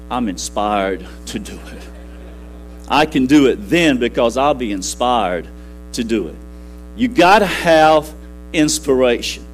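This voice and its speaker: A middle-aged man preaches to his congregation in a folksy, repetitive way, driving his points home with emphatic peaks. His voice sits a little high for a man. Soft music plays faintly beneath his sermon. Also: rough recording. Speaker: pastor. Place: church sanctuary.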